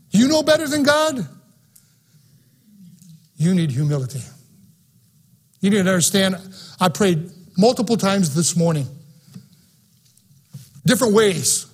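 A man preaching a sermon in an auditorium, fervent and emphatic, swinging between soft and loud passages. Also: sits high, husky. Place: auditorium, live-streamed.

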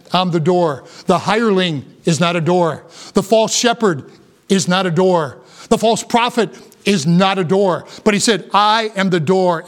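A man preaching a sermon as pastor, reading scripture slowly and then building to fervent appeals. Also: high voice.

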